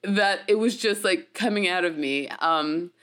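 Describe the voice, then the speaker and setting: A chatty American actress tells her story in a relaxed interview. Her voice sits a bit low, and she breaks into laughter often and leans on fillers as she talks. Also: a little slow. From United States.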